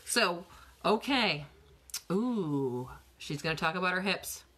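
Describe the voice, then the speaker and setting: A woman's voice: fairly low pitch, slow. A woman in her forties, a physical therapist, chatting casually on a live stream from her bedroom into a phone and answering viewer questions with frequent laughs. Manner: chatty, animated, laughs often, coaching tone. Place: bedroom at home.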